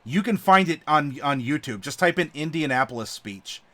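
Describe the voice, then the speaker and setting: Chatty host, slightly high voice. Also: male voice, animated, normal speed, bright, forceful tone. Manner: chatty, laughs often, many fillers. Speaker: channel host. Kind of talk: casual live-stream chat.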